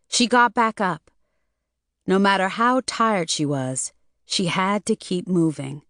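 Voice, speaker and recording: A woman narrating an audiobook in an even, measured, scripted reading. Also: on the low side, dry recording, studio quality.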